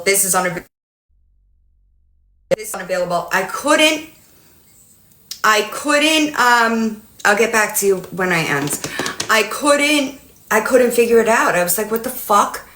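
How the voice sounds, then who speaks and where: A woman's voice: medium pitch, fairly bright tone, echoey room, rough recording. A woman hosting a casual livestream, rambling and swearing often while greeting viewers mid-sentence. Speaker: livestream host.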